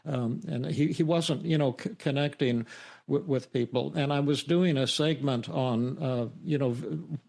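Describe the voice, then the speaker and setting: A man hosting a webinar, telling a story in a halting way with many stammered repeats and fillers. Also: medium pitch, creaky, a little mellow. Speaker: psychiatrist and podcast host.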